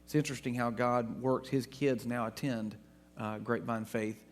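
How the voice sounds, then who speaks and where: Animated man telling stories to a crowd. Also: medium pitch, moderate pace, slight background noise. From Texas. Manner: animated anecdotes with laughter. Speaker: guest speaker. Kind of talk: storytelling talk to an audience.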